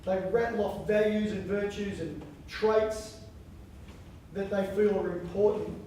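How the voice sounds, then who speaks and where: A man giving a lively conference keynote on coaching, chanting lines and acting out inner voices. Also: high voice, unhurried, slight background noise. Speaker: keynote speaker. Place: large conference hall. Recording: echoey hall from far off.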